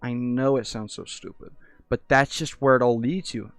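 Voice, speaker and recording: A man's voice: mid-range voice, moderate pace, clear, resonant tone, no echo, faint music behind. Rambling, swearing young man, dry close sound. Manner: rambling, restarts a lot, swears freely. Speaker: VR streamer. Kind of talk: casual chat. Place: virtual reality hangout. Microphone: VR headset mic.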